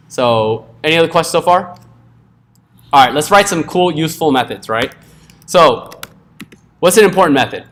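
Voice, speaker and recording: A man's voice: a little high, expressive, moderate pace, pauses often. A man teaching a live coding class in a casual, joking way, often checking in with the room. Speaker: coding instructor.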